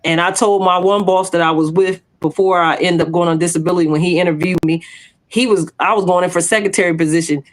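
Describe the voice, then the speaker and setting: A woman's voice: on the low side, fast. A woman, sharing her testimony in casual chat as a podcast co-host. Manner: animated storytelling, acts out quoted voices; bold testimony.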